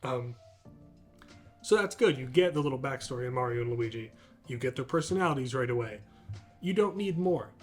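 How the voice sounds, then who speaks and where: Male podcast co-host, casual and rambling, eager, mid voice, soft music bed. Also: mid-range voice, expressive, brisk, long pauses. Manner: rambling and enthusiastic, with lots of fillers. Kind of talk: casual chat.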